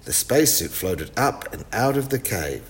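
A man reading a children's storybook aloud in a clear, expressive way. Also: lowish voice, moderate pace.

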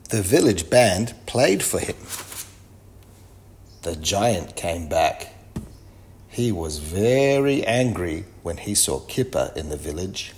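Slow, expressive male storyteller. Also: low voice. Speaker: narrator. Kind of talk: children's story read aloud.

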